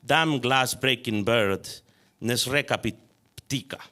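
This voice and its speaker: A man voicing a gruff, blunt older uncle with a rough accent and broken English, read aloud from a story. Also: mid-range voice, slow, bright, forceful tone. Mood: curt. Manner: curt, dismissive.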